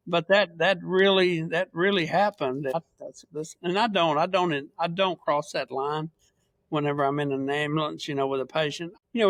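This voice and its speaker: Male guest, earnest storyteller, a bit high-pitched, dry sound. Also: a bit bright, no room sound. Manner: earnest storytelling, many restarts. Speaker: paramedic and product maker, podcast guest. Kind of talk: casual interview chat.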